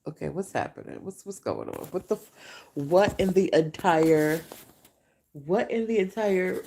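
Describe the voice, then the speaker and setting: A woman hosting a casual vlog-style podcast, telling a rambling, animated story with repeated questions. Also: on the low side, takes it slowly, long pauses. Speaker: podcast host.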